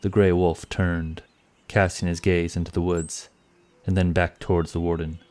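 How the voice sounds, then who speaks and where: Deep-voiced male audiobook narrator. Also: flat delivery, a little mellow, dry recording. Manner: measured storytelling.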